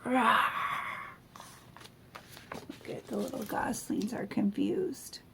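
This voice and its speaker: A woman reading a picture book aloud to children, gently asking them questions. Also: mid-range voice, takes it slowly, slight background noise.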